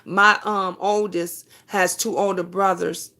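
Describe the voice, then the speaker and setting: A woman's voice: medium pitch, little pitch movement, takes it slowly, sharp tone. A woman in her fifties hosting a casual live stream, chatting and answering viewer comments. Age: 50s.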